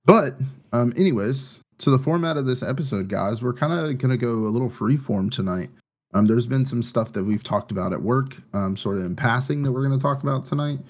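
A podcast co-host with a medium-pitched, darkish voice talks briskly in casual chat. He rambles loosely, full of fillers, and sounds anxious about his first baby.

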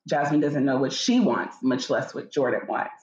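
Low-voiced woman host, roomy dull mic. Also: moderate pace, darkish tone. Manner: reads notes as numbered audit points, playful. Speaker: podcast co-host. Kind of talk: casual reality-TV recap chat. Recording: dull, roomy mic after technical difficulties.

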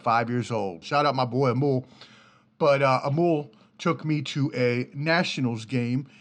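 A man in his thirties hosts a solo podcast from a small home setup in his apartment, speaking into a studio mic through a preamp. He rambles from topic to topic in a loose, chatty way, swearing freely and laughing easily. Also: mid-range voice. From Washington, D.C. area. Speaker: podcast host.

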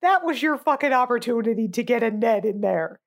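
A woman's voice: fairly high pitch, lively intonation, a little fast, vocal fry. A woman co-hosting a podcast, chatting casually about a movie in a blunt, sarcastic, sweary way. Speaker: podcast co-host.

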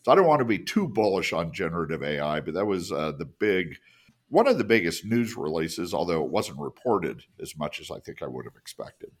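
This is a man co-hosting a podcast in relaxed conversation, with a deep voice. He explains things earnestly and lets his phrases drop lower as he finishes them. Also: a little fast, husky. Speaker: podcast co-host. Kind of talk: casual podcast discussion.

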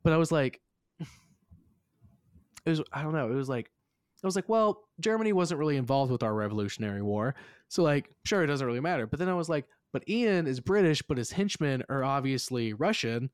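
A man chatting on a podcast about a movie, rambling with endless "like"s and casual swearing. His voice sits at an ordinary pitch and sounds dry and close to the mic, with no room around it. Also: expressive, brisk, clean tone, no room sound. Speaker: podcast host. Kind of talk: casual movie review chat.

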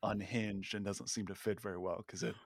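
A man with a fairly low voice thinks aloud in a casual podcast chat. He hedges and stays tentative as he works through his ideas. The sound is dry and close. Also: fairly even intonation, a little fast, creaky, no room sound. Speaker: podcast panelist.

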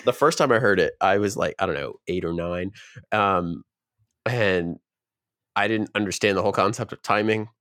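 A man's voice: low voice, normal speed, a bit bright. A man co-hosting a podcast, chatting casually and reminiscing with hesitant fillers. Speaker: podcast co-host. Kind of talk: casual chat.

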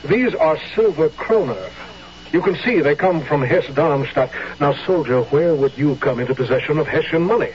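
Man doing a stern measured general, slightly high voice, dull hissy old radio sound. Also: lively intonation, a little mellow, natural voice. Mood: interrogating. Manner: measured, authoritative. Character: stern commanding general, probing and grave. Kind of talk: 1970s radio drama acting. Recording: dull old radio broadcast with faint hiss.

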